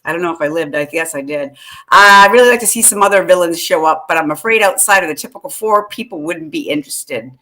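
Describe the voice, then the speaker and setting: A woman's voice: on the low side, fast, sharp tone. A woman co-hosting a casual live-stream chat, chatty and laughing, greeting viewers by name. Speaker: podcast co-host.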